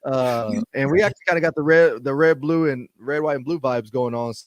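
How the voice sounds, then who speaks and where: A man hosting a podcast, relaxed and loose, chuckling between thoughts and circling back over his own words. His voice sits at an average pitch. It is recorded dry and close, with no room sound around it. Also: fairly quick, no echo, dull audio. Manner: laid-back, laughs often, repeats words. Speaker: podcast host. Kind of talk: casual podcast chat.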